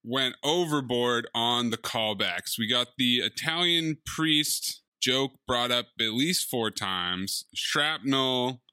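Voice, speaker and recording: A man co-hosting a podcast, reviewing a movie in casual chat with wry, deadpan jokes. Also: medium pitch, takes it slowly, hardly any pauses, clear, resonant tone, no echo, studio quality. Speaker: podcast co-host.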